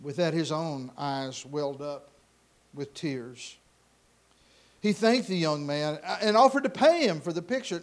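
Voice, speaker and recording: A man telling a story dramatically, swinging between loud passages and hushed ones. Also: fairly high pitch, measured pace.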